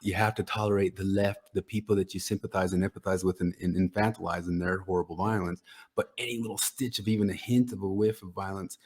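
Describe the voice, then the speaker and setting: Man, podcast co-host, very deep husky voice, opinionated commentary. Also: level tone, quick pace, darkish tone. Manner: opinionated, drawing parallels, chuckles mid-sentence. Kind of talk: casual podcast conversation.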